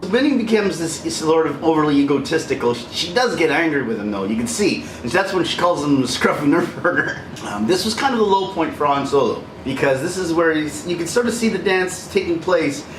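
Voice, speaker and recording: A man talks through a casual video commentary, laughing and acting out lines as he goes. His voice sits a little high and swings widely in pitch. He sounds set back from the mic in an echoey room with steady noise behind him. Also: brisk, few pauses, recorded from a distance. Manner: animated, laughs often, acts out quotes. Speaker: video essay host. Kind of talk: casual commentary over film clips.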